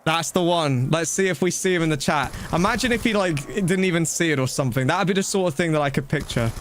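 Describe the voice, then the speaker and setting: A man chatting casually while streaming a game, rambling and breaking into quick exclamations. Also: a little high, slight background noise. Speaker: gaming streamer. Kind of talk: casual live-stream commentary.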